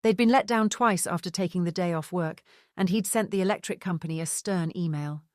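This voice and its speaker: A woman narrates a book in a somewhat low, measured voice. The sound is dry and close, with no room around it. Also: darkish tone, dry recording. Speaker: audiobook narrator. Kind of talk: scripted narration.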